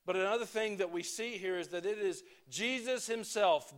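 A man preaching a sermon to his congregation, talking in a conversational way that swings between emphatic points and quiet asides. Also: high-pitched, normal speed, few pauses. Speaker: pastor.

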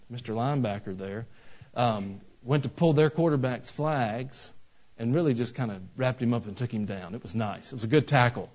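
A man preaching a sermon in a church, telling folksy stories and rising to loud, emphatic bursts. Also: medium pitch. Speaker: pastor. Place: church sanctuary. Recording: slightly dull lo-fi sound.

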